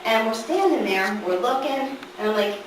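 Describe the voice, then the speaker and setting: A middle-aged woman telling a family story to a live audience, animated and laughing through the funny parts. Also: a little high, normal speed. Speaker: daughter telling a story at a gathering. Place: large echoey room at a family gathering. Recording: echoey room, far from the mic, background noise.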